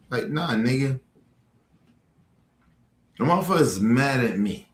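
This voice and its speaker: A man's voice: mid-range voice, lively intonation, moderate pace, pauses often. A man delivering an angry, profane, threatening rant as a livestream host. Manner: profane, heated, threatening, repetitive. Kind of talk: angry ranting monologue. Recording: echoey room.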